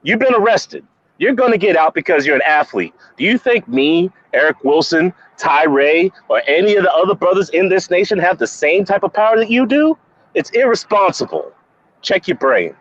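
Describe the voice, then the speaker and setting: A sports panel guest, a man, speaks in a higher-pitched voice that swings widely as he makes his points. He is emphatic and repeats himself for force, and his remote audio sounds muffled. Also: big pitch swings, normal speed, fairly bright tone. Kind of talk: opinionated sports commentary.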